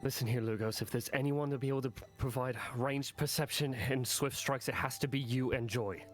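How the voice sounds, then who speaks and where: A man speaks in character during a tabletop game, quick and decisive. He talks at a brisk clip over faint background music. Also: mid-range voice, steady tone. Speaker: player.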